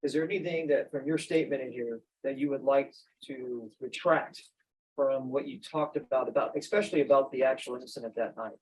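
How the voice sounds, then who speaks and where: A man's voice: medium pitch, a little fast, darkish tone, breathy edge, low-quality recording. Methodical male prosecutor. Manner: methodical questioning. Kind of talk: cross-examination. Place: courtroom.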